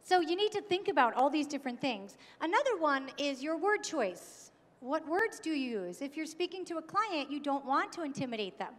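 Woman, high voice, keynote speaker, engaging, questions the audience, long reverb of a large hall. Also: very animated, normal speed, fairly bright tone. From New York. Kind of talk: conference keynote talk. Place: conference hall.

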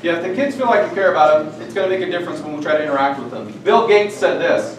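A man's voice: on the high side, expressive, very fast, few pauses. A man presenting a training session to teachers, speaking earnestly and candidly and sharing personal stories. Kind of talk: professional development talk to teachers. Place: school meeting room. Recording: echoey room from far off, faint noise.

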